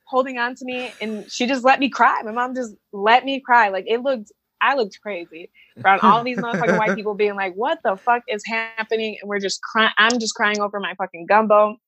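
A woman's voice: medium pitch, steady tone, a little fast, fairly bright tone. A frank woman from the Chicago suburbs recounts a personal story to an interviewer. She swears freely and acts out the people she quotes, her voice sitting in a middle register. The recording is dry, with no room echo. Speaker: interview guest.

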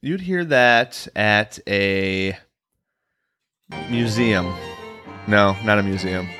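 A man's voice: on the low side, very slow, sharp tone. A man co-hosting a podcast in casual chat, laid-back and agreeable, often repeating short yeahs while he reacts to music clips. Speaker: podcast co-host.

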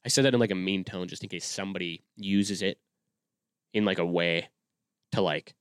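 Speaking at normal speed in a low, clear, resonant voice, a twentysomething man rambles through his solo podcast, full of fillers and restarts. It's studio quality with no room sound.

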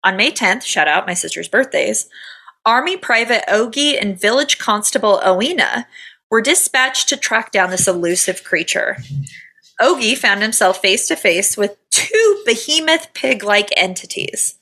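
A woman's voice: medium pitch, animated, unhurried, pushed and bright, slightly rough. A woman co-hosting a podcast in casual comedic chat, reading out a story and joking with a lot of swearing. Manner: swearing, jokey, reads story notes. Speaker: podcast co-host.

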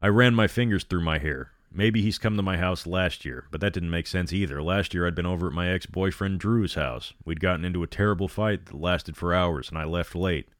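Very deep-voiced man reading a horror story. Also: a little fast, few pauses, dry recording, clean studio sound. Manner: sardonic asides between reading. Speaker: story narrator.

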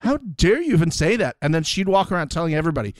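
Man, podcast co-host recapping reality TV, lively swooping pitch, dry close sound. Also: fast talker, dry recording. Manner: animated, swings pitch for mock quotes. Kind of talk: casual reality TV recap chat.

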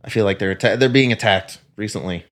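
A man with a somewhat low voice chats casually on a podcast. He rambles through stories, swears often and restarts his sentences. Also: quick pace. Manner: profane, rambling storyteller. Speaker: podcast co-host. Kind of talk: casual chat.

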